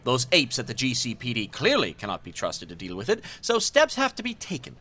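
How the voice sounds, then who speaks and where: A man's voice: mid-range voice, huge pitch swings, brisk, bright, forceful tone, exaggerated voice. An actor playing a pompous, self-serving male villain who talks in florid, mannered speech and laughs theatrically in an audio drama. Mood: scheming.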